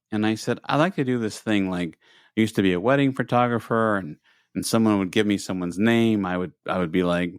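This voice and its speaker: Male podcast co-host, low voice, animated storyteller who voices the people he quotes, dry recording. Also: brisk, clear, resonant tone, no room sound. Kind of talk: casual storytelling chat.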